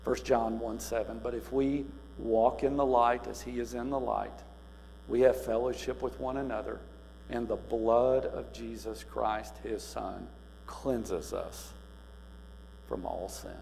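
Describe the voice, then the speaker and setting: Gravelly male preacher in a reverberant hall. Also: mid-range voice, steady tone, slow. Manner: swings from quiet musing to loud emphatic cries. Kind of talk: sermon. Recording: reverberant hall with faint mains hum.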